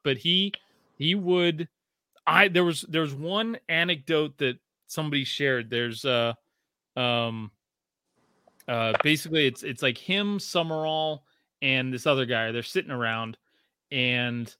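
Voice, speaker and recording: A man in his thirties co-hosting a casual sports podcast, telling stories with lots of swearing and climbing pitch when he gets excited. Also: no room sound, clean studio sound. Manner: animated storyteller, swears freely, rising pitch when excited. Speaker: podcast co-host.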